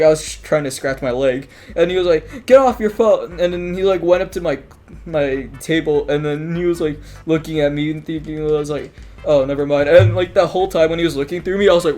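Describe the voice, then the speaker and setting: Brief: male vlogger, slightly high voice, loose rambling storytime delivery, faint music underneath. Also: steady tone, quick pace, a little mellow. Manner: rambling, full of "like" and restarts, swears casually. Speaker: vlogger telling school stories. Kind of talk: casual storytime monologue.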